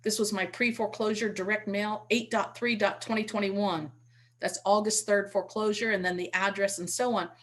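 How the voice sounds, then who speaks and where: A woman with a mid-range, fairly bright voice speaks at a moderate pace with fairly even intonation. She's teaching real estate investing in an online webinar through a computer mic, chatting casually, repeating words as she restarts, and demonstrating with call scripts.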